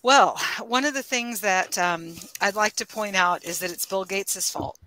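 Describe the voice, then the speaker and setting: A woman's voice: mid-range voice, normal speed, sharp tone, no echo. A woman co-hosting a casual talk show, enthusiastic and meandering. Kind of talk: casual chat.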